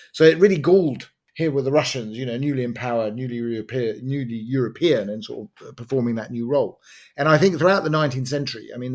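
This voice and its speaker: Fast-talking man in expert chat. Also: medium pitch. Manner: fast, digressive, many fillers and asides. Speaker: podcast co-host. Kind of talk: conversational expert discussion.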